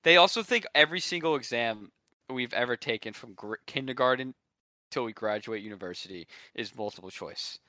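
A man's voice: mid-range voice, expressive, brisk, bright, forceful tone, no echo. A young man hosting a podcast, ranting sarcastically in casual chat. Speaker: podcast host.

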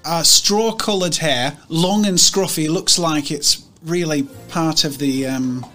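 A man playing a sturdy eleven-year-old farm boy, with a put-on northern English accent and a slow, drawn-out way of telling things. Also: on the high side, pushed and bright, faint music behind. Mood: boastful.

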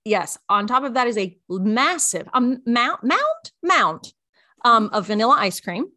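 Woman, young adult, podcast co-host, animated storyteller, bright voice, dry close sound. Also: fairly high pitch, unhurried, dry recording. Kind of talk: casual chat.

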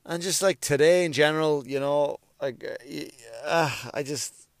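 A man's voice: on the high side, fairly even intonation, moderate pace, dry recording, clean studio sound. A male stand-up comedian talking in a casual, rambling monologue, swearing often and restarting his sentences. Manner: profane, rambling, with frequent restarts.

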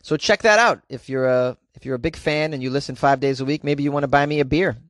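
Male podcast host, fairly high voice, jokey and rambling, dry close-mic sound. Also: fast, fairly bright tone, dry recording. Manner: jokey, rambling, laughs at own jokes. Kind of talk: comedic news podcast chat.

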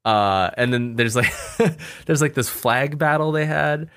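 A man co-hosting a casual podcast, telling stories excitedly, swearing freely and laughing often. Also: medium pitch, unhurried, smooth, no echo, studio quality. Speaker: podcast co-host.

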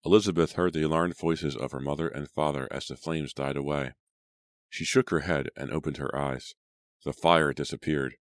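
A man narrating an audiobook in a steady, measured reading. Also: very deep voice, dry recording, studio quality. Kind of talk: scripted narration.

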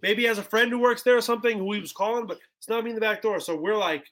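A young man telling a story on a podcast, casual and animated, acting out what people said with lots of "like" and "bro". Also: sits high, rapid-fire, hardly any pauses, slight background noise. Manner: animated, acts out quotes, heavy "like" and "bro". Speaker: podcast guest.

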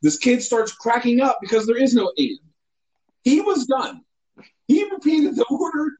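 A man with a high, bouncing voice spins a casual comic story, swinging his pitch all over the place. He sounds mock-indignant and animated, building up small details for laughs. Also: a little slow, rough recording.

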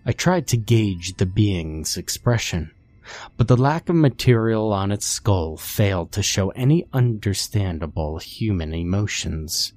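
A man narrates a horror story in a calm, measured reading. His voice is very low and he takes his time with each line. Faint music plays underneath. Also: no room sound.

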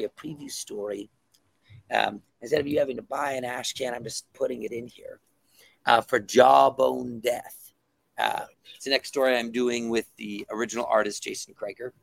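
Gravelly-voiced man chatting casually. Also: mid-range voice, fairly bright tone, no room sound. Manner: enthusiastic, many ums and restarts. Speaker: comic creator guest. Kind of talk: casual podcast chat.

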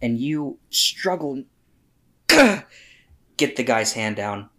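A man narrating as game master of a tabletop role-playing game, animated and loud at times, cursing casually. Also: medium pitch, extremely slow.

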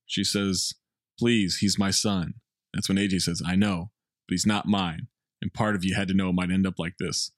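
A man's voice: low voice, fairly quick, dry recording, studio quality. A man co-hosting a comedy podcast, recapping a film's plot in a wry, offhand way. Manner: narrates plot in a flat, wry tone with swearing. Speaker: podcast co-host recapping the movie. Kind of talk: casual comedic movie recap.

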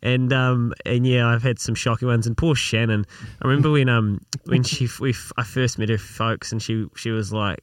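A man with a New Zealand accent chats and rambles on breakfast radio, often poking fun at himself. His voice sits at a middle pitch. The recording is dry and close. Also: fairly quick, fairly bright tone, no echo. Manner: chatty, self-mocking, rambling. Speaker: radio co-host. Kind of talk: casual breakfast radio banter.

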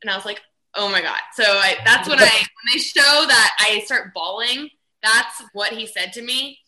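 A young woman being interviewed about her time as a contestant, speaking in a very bright, forceful voice. She tells her story in a chatty, animated way with many fillers and asides. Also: fairly high pitch, moderate pace, poor audio. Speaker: guest, former reality cooking contestant. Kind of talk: casual interview chat.

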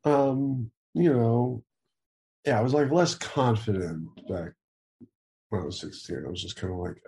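A man's voice: medium pitch, unhurried, vocal fry, dark tone. A young man answering interview questions over a video call in casual chat, rambling, laughing often and swearing casually. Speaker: interview guest.

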